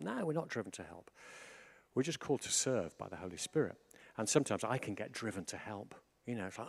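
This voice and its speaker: A man preaching a sermon in a chatty, animated way, full of asides and restarts. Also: medium pitch, brisk, creaky.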